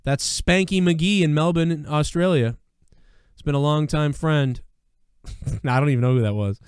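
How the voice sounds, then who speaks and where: A man's voice: on the high side, unhurried, clear, resonant tone, no room sound, studio quality. A man hosting a call-in show, chatting casually with loose, profane storytelling and repeated phrases.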